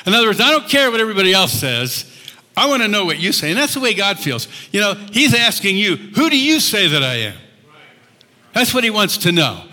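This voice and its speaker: A male pastor preaching a sermon, telling the story with animated voices and laughs. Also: high-pitched. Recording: long hall reverb.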